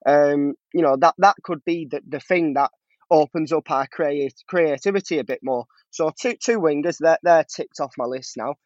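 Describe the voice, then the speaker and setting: A man's voice: a little high, moderate pace, dry recording. Man on a dull, dry call line. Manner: chatty, laughs easily, hesitant restarts. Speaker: podcast guest. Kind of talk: casual podcast chat.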